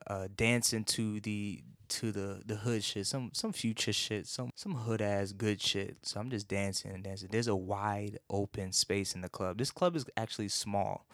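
Male host, low voice, rambling profane rant, dry close sound. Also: no echo. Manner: rambling, heavy swearing, many restarts.

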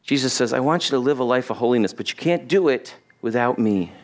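A man's voice: medium pitch, fast talker. A man preaching a sermon in a church on a body-worn microphone, acting out the lines of the people in the story. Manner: animated, acts out Bible characters' lines. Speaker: pastor. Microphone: body-worn mic with cable.

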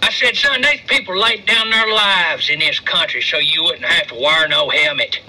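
An irate, rambling father, as a man puts him on complains to the police about his son. His voice is raspy, high and bright. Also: normal speed, heavily acted, low-quality recording. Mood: indignant. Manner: indignant, rambling.

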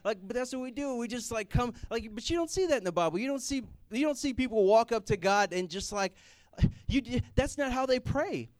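A young man giving a casual, comedic sermon, animated and joking as he acts out people praying. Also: very high-pitched, fairly quick, no echo, studio quality. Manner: animated, jokey, acts out prayers in put-on voices. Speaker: youth speaker.

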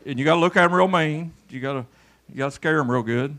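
A Kentucky man preaches a folksy church sermon at a fast clip, swinging between loud calls and hushed murmurs. He draws people up to the front for a demonstration.

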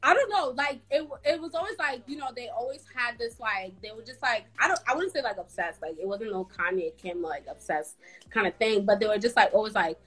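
A young woman co-hosting a casual chat show, talking with animated, laughing exclamations. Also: a little high, fairly quick, husky. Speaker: podcast co-host.

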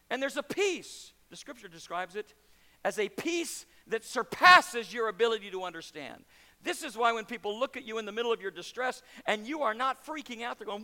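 A bright, high-pitched man preaches a sermon in a church sanctuary, his voice trailing off in long hall reverb. He drops to hushed, intimate lows and then rises to loud, emphatic peaks. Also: very animated, normal speed. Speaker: pastor.

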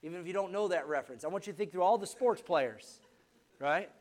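A man preaching a sermon, energetic and exhorting, asking the congregation for an amen. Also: high voice, fast talker. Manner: energetic, exhorting, call-and-response asides.

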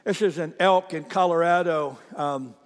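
A man preaching a sermon as a pastor, telling stories with animated energy and speaking straight to his congregation. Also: on the high side, normal speed, long reverb tail.

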